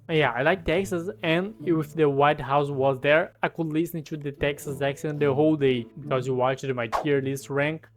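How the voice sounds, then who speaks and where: A Brazilian man with Portuguese as his first language, giving mock-pompous, crude comedic commentary in a deadpan boasting manner. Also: on the high side. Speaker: comedy video creator. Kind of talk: comedic commentary while editing a map.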